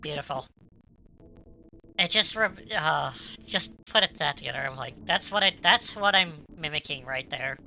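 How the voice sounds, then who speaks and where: Low, bright-voiced woman streamer. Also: moderate pace, gravelly, slight background noise, rough recording. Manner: chatty, stumbles and restarts, bursts of loud excitement. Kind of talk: casual let's-play commentary, reading game dialogue aloud.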